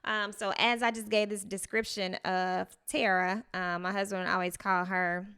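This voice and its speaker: A woman's voice: mid-range voice, moderate pace, clear, resonant tone. A woman co-hosting a podcast, telling a story in casual chat and acting out the people in it. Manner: storytelling, animated retelling with quoted voices. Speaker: podcast co-host.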